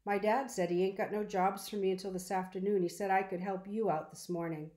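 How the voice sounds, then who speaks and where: A woman's voice: mid-range voice, fairly even intonation, brisk, dark tone, natural voice. Woman doing a shy, hesitant boy. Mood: quiet. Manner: hesitant, plain dialect. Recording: roomy echo.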